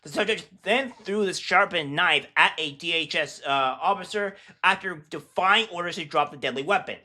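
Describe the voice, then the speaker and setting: A man hosting casual political commentary, talking in a scornful, mocking way with many halting fillers. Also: high voice, sharp tone. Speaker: commentary host.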